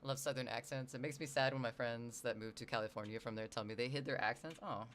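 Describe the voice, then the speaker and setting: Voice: medium pitch, fast, a bit bright, a little hiss or hum. A casual livestreamer from the US Northwest, talking in a mid-range voice. The talk rambles from one thought to the next, with chat messages read out along the way. The tone is loose and offhand, with casual swearing.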